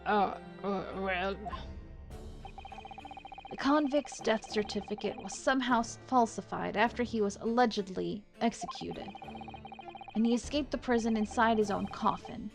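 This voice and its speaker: A woman's voice: medium pitch, a little slow, over music, lightly acted. A woman voicing a flustered middle-aged male prison governor in a put-on Scottish accent, stammering and blustering in a game.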